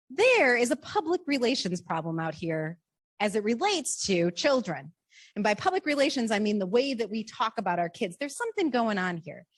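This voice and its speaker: A woman author giving a library talk, telling her story with lively animation and questions to the audience. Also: a little high, slightly rough. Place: library program room.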